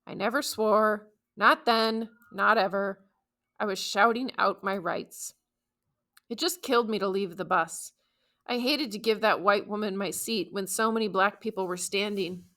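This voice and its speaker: Bright-toned woman reading an audiobook. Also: medium pitch, a little slow. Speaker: audiobook narrator. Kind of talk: scripted first-person audiobook narration.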